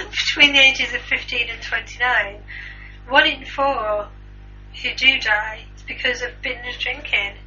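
Deadpan woman, off-mic and lo-fi. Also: fairly high pitch, measured pace, recorded from a distance, soft background music. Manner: crude, deadpan jokes. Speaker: podcast co-host. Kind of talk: casual chat. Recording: dull lo-fi recording, voice set back from the mic.

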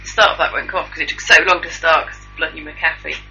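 Chatty woman, bright lo-fi podcast. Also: low voice, fairly even intonation, fast, soft background music. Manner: chatty, dry, swears casually. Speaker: podcast co-host. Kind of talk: casual chat. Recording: dull lo-fi podcast recording.

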